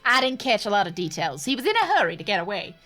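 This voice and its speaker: A woman voicing a cheeky, gruff older male boat owner in a video game, in a high, squawking voice. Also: sing-song, fast talker, fairly bright tone, faint music behind. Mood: storytelling.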